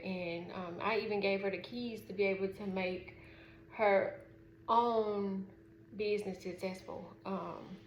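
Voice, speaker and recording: A middle-aged woman with a Southern US drawl speaks frankly and loosely, stopping often on fillers as she tells her story. Her voice sits at an ordinary middle pitch. The room is echoey, with a faint hiss of background noise. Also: steady tone, measured pace, dull audio. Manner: frank, rambling, with lots of fillers. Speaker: mother. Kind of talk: casual storytelling vlog.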